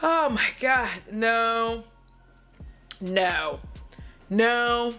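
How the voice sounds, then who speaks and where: A woman's voice: fairly high pitch, extremely slow, pushed and bright, clean tone, faint music behind. Chatty profane woman beauty vlogger. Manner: chatty, profane, dramatic, makes vocal noises. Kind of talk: casual chat reviewing makeup. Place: at home.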